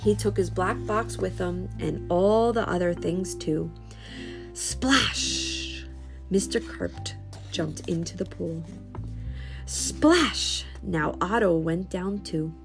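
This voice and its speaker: A woman reading a children's story aloud in a slow, expressive, sing-song way. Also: lowish voice, creaky, over music.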